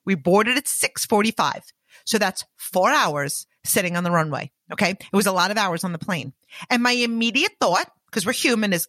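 A middle-aged woman hosting a motivational podcast, talking straight to her listeners in an upbeat, animated way. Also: mid-range voice, moderate pace, dry recording, clean studio sound. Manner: upbeat, animated, addresses listeners as "you guys". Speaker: podcast host.

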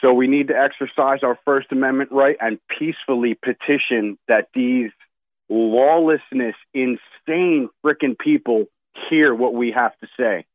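A male caller heard over a narrow, phone-like line. He speaks emphatically and angrily in a mid-pitched voice. The sound is dry. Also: measured pace, no echo. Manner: emphatic, angry.

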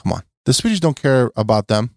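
A man's voice: medium pitch, sing-song, a little fast, gravelly, no echo, studio quality. Blunt, skeptical podcast guest man. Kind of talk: casual podcast chat.

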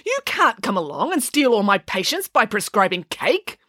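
A woman's voice: medium pitch, big pitch swings, moderate pace, fairly bright tone, no echo, clean studio sound, voice pushed up. A woman voicing a rude, sputtering middle-aged male doctor in an audiobook. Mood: indignant. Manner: curt and sputtering. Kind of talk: audiobook character voice.

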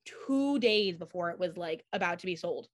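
A young adult woman, a chocolatier being interviewed, tells stories in a casual, animated way, acting out quoted voices and using lots of fillers. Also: lowish voice, moderate pace, noisy background. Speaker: guest chocolatier.

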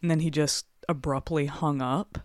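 Woman, true crime podcast co-host, low-pitched and chatty, close and dry sound. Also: fairly even intonation, moderate pace, no room sound. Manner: casual, chatty, with frequent 'like'. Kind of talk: true crime podcast chat and scripted narration.

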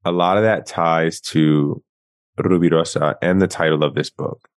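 Deep-voiced man telling stories animatedly. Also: normal speed, no echo. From Queens, New York. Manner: animated, self-mocking storyteller. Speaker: guest author. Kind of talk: storytelling in a casual interview.

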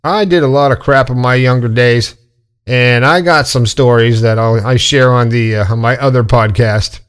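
A man's voice: medium pitch, fairly even intonation, normal speed, clean tone. Blunt, swearing man giving a pep talk. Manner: blunt, swearing, preachy about positivity. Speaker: podcast host. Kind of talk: casual monologue.

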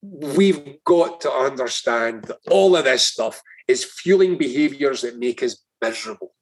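A Scottish man, a guest on a podcast, telling stories in a lively, emphatic way and swearing freely. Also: mid-range voice, measured pace, slightly rough. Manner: animated, emphatic storyteller who swears freely. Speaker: guest, political strategist. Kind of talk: casual podcast conversation, storytelling.

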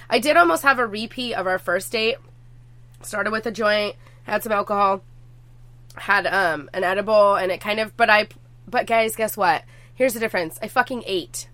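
A woman's voice: mid-range voice, pushed and bright, no room sound. A young woman vlogging casually to her viewers, chatty and swearing freely as she tells stories.

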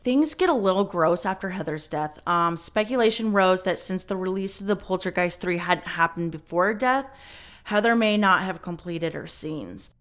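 A woman's voice: lowish voice, normal speed, fairly bright tone. A woman hosting a podcast, telling a story in casual chat with lots of fillers and some swearing. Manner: chatty, many fillers, swears. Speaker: podcast host.

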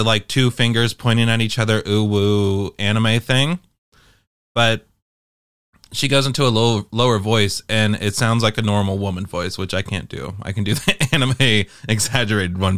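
A young adult man telling a casual, profane storytime monologue to viewers in an animated way. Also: fairly low pitch, moderate pace, clean tone, no echo, clean studio sound. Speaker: vlogger.

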